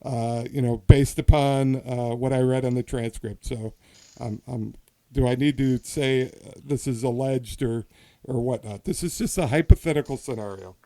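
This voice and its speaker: A man's voice: mid-range voice, steady tone, normal speed, warm tone. A man hosting a podcast in casual chat, telling a hypothetical story with many restarts and asides. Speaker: podcast host.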